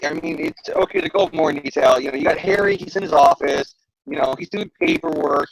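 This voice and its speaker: Gravelly, excitable male co-host; swears freely, chats casually about comics. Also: on the high side, fairly quick, a crowd in the background, poor audio. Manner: animated, profane, jokey. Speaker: podcast co-host. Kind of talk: casual comic-book discussion.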